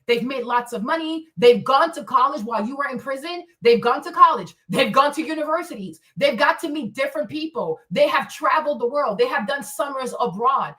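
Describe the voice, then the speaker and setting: A woman's voice: high-pitched, bright, forceful tone, distant mic. Blunt, profane woman ranting. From Africa. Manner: blunt, profane, confrontational, keeps asking "right?". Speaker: livestream host. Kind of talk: solo ranting commentary.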